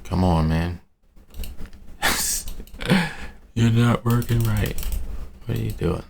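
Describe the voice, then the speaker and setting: A man's voice: fairly low pitch, drawn-out words, creaky, slight background noise. A man in a casual, rambling screen-share market review who talks to himself, uses city slang and laughs at his own asides. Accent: American urban slang. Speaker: trading analyst.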